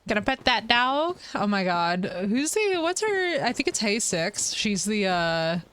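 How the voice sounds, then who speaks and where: A woman's voice: mid-range voice, sing-song, unhurried, fairly bright tone, clean tone. A woman streamer from the United States chatting playfully while she plays a video game live and reads out viewer messages. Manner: playful, chatty, reads chat aloud, teasing jokes. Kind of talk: casual live gameplay chat.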